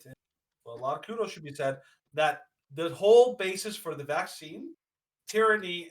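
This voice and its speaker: A man's voice: on the high side, a bit bright, rough recording. A man co-hosting a podcast, ranting emphatically with indignation and lots of fillers. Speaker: podcast co-host. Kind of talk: opinionated podcast rant.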